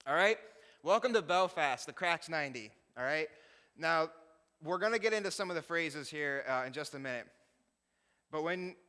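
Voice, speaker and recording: A man's voice: a little high, pushed and bright, smooth. A man, a missionary pastor, giving a casual, chatty talk over slides, laughing often and joking about himself. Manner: chatty, laughing, self-deprecating asides. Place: church hall. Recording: long hall reverb.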